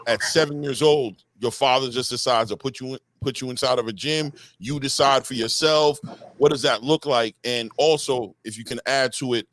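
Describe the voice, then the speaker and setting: A man hosting an interview asks long, rambling questions in a casual way. His voice is mid-range with a fairly bright tone.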